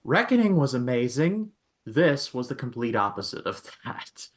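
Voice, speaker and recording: A man's voice: medium pitch, very animated, normal speed, faint music behind. A man co-hosting a casual chat, recapping the plot with sarcastic asides. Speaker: podcast co-host.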